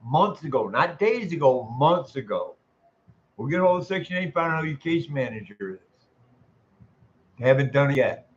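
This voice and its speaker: A man's voice: a little high, lively intonation, brisk, long pauses, muffled recording. A man venting in an angry, profanity-laced monologue, exasperated and repeating himself. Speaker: vlogger.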